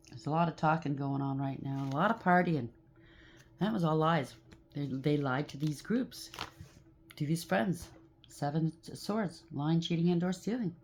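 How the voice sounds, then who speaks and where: Woman, deep voice, blunt casual tarot reader, repeats for emphasis, faint noise in the background. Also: a little mellow. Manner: emphatic, repetitive, blunt judging tone.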